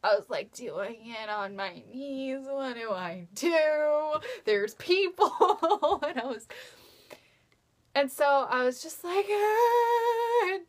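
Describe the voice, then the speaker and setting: A young woman tells a story to her webcam late at night, her voice a touch high. She gushes and rambles with breathless excitement, breaking into squealing outbursts. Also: takes it slowly. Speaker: fan vlogger. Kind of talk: casual storytelling vlog. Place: bedroom at night.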